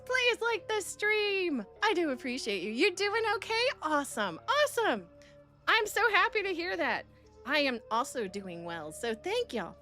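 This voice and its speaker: A woman's voice: high-pitched, sharp tone. A woman live-streaming, bubbly and affectionate, greeting her chat by name with pet names and sometimes talking while eating. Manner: chews food while talking. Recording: faint music behind.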